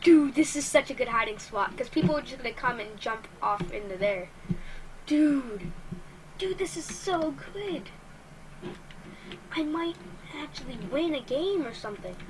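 A woman giving excitable let's play commentary while she plays, exclaiming and talking to herself. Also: high-pitched, unhurried, pauses often, noisy background. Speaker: gamer.

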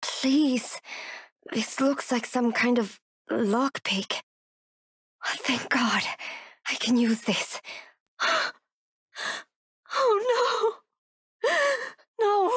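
An actress voicing a frightened young woman from Texas in a video game, wounded and hiding, whispering to herself to keep calm. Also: extremely high pitch, no echo, studio quality, full character voice. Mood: sobbing. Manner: whispers and talks herself through danger. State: wounded and in pain. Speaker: game character.

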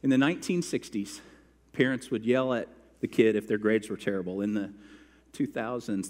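A man's voice: lowish voice, moderate pace, a little mellow. Man preaching in a reverberant church hall. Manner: storytelling with acted-out quotes. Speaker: pastor. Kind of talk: sermon. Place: church sanctuary.

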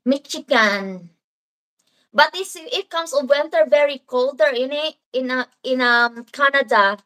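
High, bright Filipino woman chatting slowly. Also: rough recording. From Philippines (Davao). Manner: chatty, rambling, mixes in Filipino words. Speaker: livestream host. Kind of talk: casual live-stream chat reading viewer comments.

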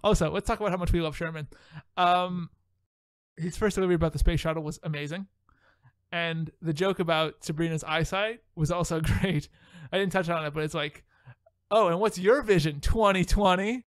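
High-voiced podcast host, laughing often. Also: male voice, a little fast, clean tone, dry recording. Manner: animated, laughs often, swears casually. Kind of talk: casual chat.

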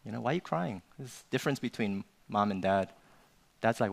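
A man's voice: mid-range voice, brisk, creaky, pauses often. A male pastor preaching a sermon in an informal, conversational way, often tagging his sentences with "you know" and "right?".

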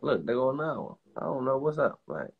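A man's voice: mid-range voice, sing-song, creaky, slightly rough, narrow, tinny audio. A young man hosting a live stream, ranting in a casual, profane, emphatic way and mimicking other people's lines. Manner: acts out others' lines in quick put-on voices.

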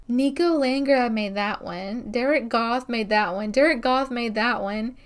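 A young woman hosting a gaming video, chatting excitedly through her gameplay with frequent exclamations. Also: fairly high pitch, measured pace. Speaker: gaming channel host. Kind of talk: casual game commentary.

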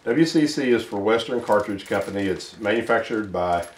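A man explaining his reloading gear in a casual, unhurried way, thinking aloud with plenty of fillers. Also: lowish voice, lively intonation, distant mic. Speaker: ammunition reloading hobbyist. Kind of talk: casual instructional talk. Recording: roomy sound, mic set back.

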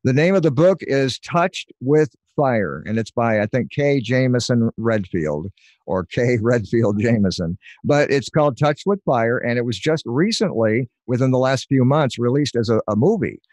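A man's voice: medium pitch, animated, normal speed, darkish tone, no room sound. A middle-aged man telling stories in a loose, rambling way, a voiceover pro chatting on a live stream. His voice sits mid-range, dry and close, with no room sound. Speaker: voiceover artist and guest. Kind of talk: casual chat on a live stream.

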